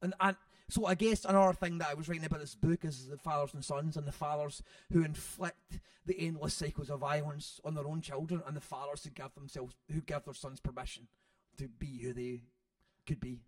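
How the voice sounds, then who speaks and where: A man tells animated stories in an interview, swearing freely. His voice sits high for a man. The sound is dry, picked up from a distant mic. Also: brisk, no room sound. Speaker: author. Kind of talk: storytelling in an interview.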